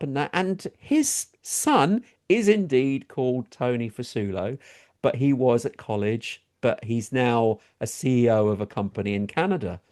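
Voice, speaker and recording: A talk show co-host, middle-aged and English, recounts a story in casual conversation with an animated, measured delivery and a slightly mellow tone, doing high voices for the people in it.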